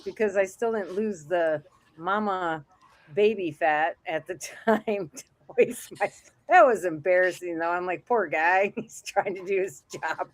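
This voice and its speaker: A woman's voice: lowish voice, measured pace. A middle-aged woman co-hosting a casual chat show, telling stories and laughing often. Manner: chatty storyteller who laughs often. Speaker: co-host.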